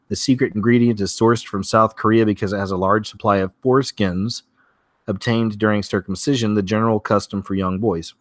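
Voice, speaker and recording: A man's voice: on the low side, no room sound. A man hosting a weekly strange-news show from home, talking casually and rambling through stories with many fillers and restarts.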